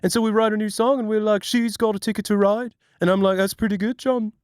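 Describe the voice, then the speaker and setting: A man's voice: high voice, steady tone, fast, smooth, no room sound, studio quality, close to an everyday voice. A man doing an impression of a famous Liverpool musician, chattily reminiscing in a put-on Scouse accent. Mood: breezy.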